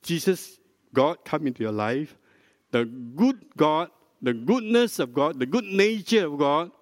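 An older man, a pastor, preaching a sermon in a slow, deliberate teaching manner, prompting the congregation with questions. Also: medium pitch. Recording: dry close mic with long hall reverb.

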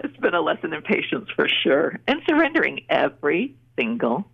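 A woman's voice: deep voice, very animated, brisk, creaky, few pauses, a bit bright, rough recording. A woman author giving an earnest faith testimony in a podcast interview, acting out the voices in her stories. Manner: earnest storyteller, acts out quotes. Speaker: author guest.

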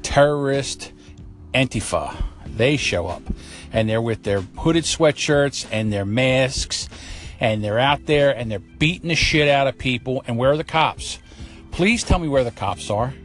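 A man hosting a talk show, delivering a blunt, profane, opinionated monologue with a ranting manner. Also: medium pitch. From United States. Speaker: commentary show host.

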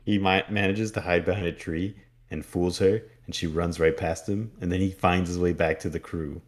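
A man's voice: low-pitched, steady tone, normal speed. A man co-hosting a podcast, recapping a horror story in casual chat and acting out bits of it. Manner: acts out characters' lines in the retelling. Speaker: podcast co-host.

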